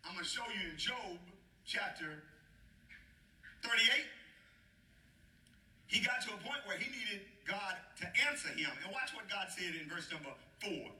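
A man preaching a sermon with a very high, piercing voice that swings widely in pitch. He calls out to the congregation for answers and chuckles playfully between phrases. The sound is roomy and heard from some distance off the mic. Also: lively intonation, unhurried, pauses often, bright, forceful tone. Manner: call-and-response, urging the congregation to answer. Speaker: pastor. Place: church sanctuary.

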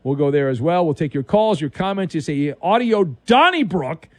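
A man's voice: a little high, a little fast, warm tone, no echo. A man hosting an overnight sports talk radio show, delivering a wisecracking monologue with dramatic emphasis.

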